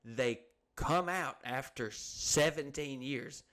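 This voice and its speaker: A man's voice: medium pitch, slow, a bit bright. A man co-hosting a podcast who tells crude, rambling stories, swears constantly and acts out the people in them. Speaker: podcast co-host. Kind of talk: crude casual storytelling.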